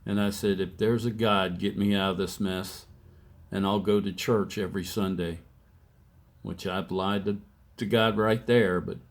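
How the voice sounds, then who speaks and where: A man in his sixties giving a plainspoken personal testimony, telling his story slowly and acting out the quotes. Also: fairly low pitch. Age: 60s. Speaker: testimony speaker.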